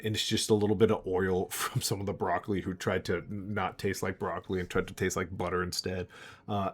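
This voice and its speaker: A man running a tabletop game as game master, rambling and laughing often. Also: sits low.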